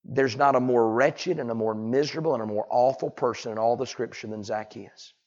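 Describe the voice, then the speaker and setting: Predicatore del Sud degli Stati Uniti, tono alla buona, tra sussurri e grida, voce media, registrazione spenta. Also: male voice, medium pitch, brisk, dull audio. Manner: folksy, swings from hushed to loud cries. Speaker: pastor. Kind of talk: sermon.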